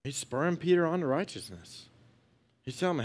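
A young man preaches in a loose, conversational way, telling a comic story before turning it into a lesson. His voice sits a little high for a man and swings freely in pitch. The delivery is lively and informal. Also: fast. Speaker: pastor. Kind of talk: sermon.

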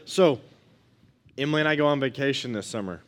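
A man's voice: mid-range voice, brisk. A young adult man giving a casual, story-driven sermon as a pastor, moving from a funny anecdote into exhortation. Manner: storytelling, animated and conversational.

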